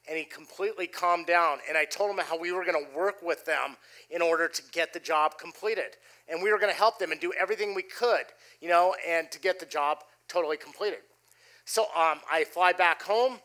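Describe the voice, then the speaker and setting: Man, pastor, sermon storytelling, high pitch, bright tense tone. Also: moderate pace. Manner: animated storytelling, drops voice low for quoted lines. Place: church stage before a congregation.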